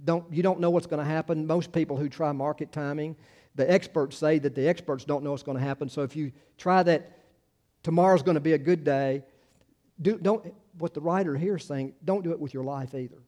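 A man's voice: fairly high pitch, fairly quick, mellow. A man preaching a conversational sermon as a pastor, informal and chatty, with wry asides to the congregation. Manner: informal and chatty, many fillers and restarts.

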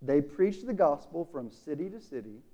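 A man preaching a sermon, casual and animated, acting out the dialogue in the story. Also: a little high, normal speed, highs cut off.

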